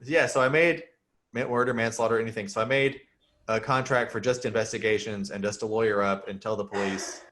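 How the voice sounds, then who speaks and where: A man's voice: fairly low pitch, fairly even intonation, brisk, a bit bright. A man hosting a casual chat as a criminal defense lawyer, easygoing and joking, explaining things plainly with everyday examples.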